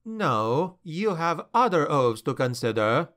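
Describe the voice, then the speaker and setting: A man voicing a stern dark elf noble who speaks in a cold, warning tone, in a fantasy audiobook. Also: medium pitch, big pitch swings, takes it slowly.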